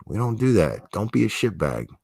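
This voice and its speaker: A man's voice: fairly low pitch, very animated, normal speed, creaky, darkish tone, breathy edge, no echo, clean studio sound. A man hosting a livestream, chatting casually with viewers in a profane, slangy, laid-back way. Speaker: livestream host.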